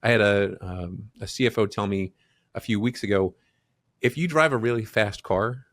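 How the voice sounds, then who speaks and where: Male podcast co-host in middle age, low voice, steady and explanatory, close dry mic. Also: no room sound. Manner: measured, explains with sayings and analogies. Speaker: podcast co-host, banking advisor. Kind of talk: casual business podcast chat.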